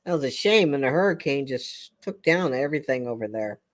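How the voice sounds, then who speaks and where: A woman's voice: a bass voice, lively intonation, brisk. Chatty older woman hosting a live chat. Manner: chatty, rambling, laughs often. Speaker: livestream host. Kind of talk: casual live chat with viewers.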